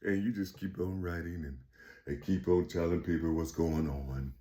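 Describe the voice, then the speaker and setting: A man in a rambling, profane monologue who keeps repeating "you see" and swings between loud outbursts and quiet muttering. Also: deep voice, moderate pace.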